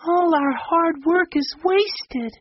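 A man's voice: very high-pitched, slow pace, no room sound, dull audio, pitched above the performer's own voice. A man reading a storybook, voicing a timid young girl who speaks hesitantly. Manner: hesitant, shaky.

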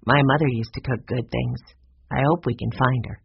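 An earnest, gentle boy who speaks plainly and simply in a storybook reading, as a reader voices him. The voice is slightly husky, and the dull, dry recording sounds lo-fi. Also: mid-range voice, steady tone, normal speed, dry recording, full character voice.

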